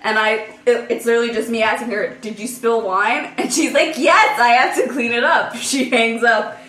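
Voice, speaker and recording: A young woman, a podcast co-host telling a story to friends in a lively way, laughing often and acting out her own thoughts. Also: on the high side, moderate pace. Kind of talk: casual storytelling among friends. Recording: roomy echo.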